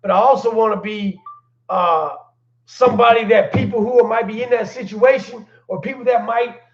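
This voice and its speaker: On his own channel, a man with a very high, gravelly voice spins laid-back stories packed with slang, chuckling throughout. It's a casual livestream, recorded with a dull lo-fi quality in an echoey room.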